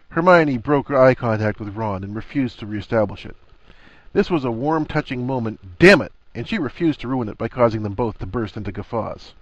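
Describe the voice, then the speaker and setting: A man reading a story aloud with expressive, melodic narration. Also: medium pitch, fairly quick, dry recording, lo-fi sound. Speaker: reader.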